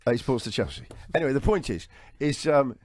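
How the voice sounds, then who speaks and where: A man's voice: mid-range voice, animated, fast talker, darkish tone, dry recording. A man hosting a radio sports show from a studio, bantering and telling rambling, jokey anecdotes.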